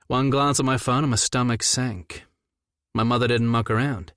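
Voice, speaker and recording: A man's voice: medium pitch, steady tone, moderate pace, fairly bright tone, dry recording, studio quality. Man narrating a first-person audiobook.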